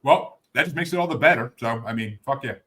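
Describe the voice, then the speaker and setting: A man in a casual group podcast, joking loudly with crude banter. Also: medium pitch, expressive, a little fast, a crowd in the background. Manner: loud, joking, profane banter.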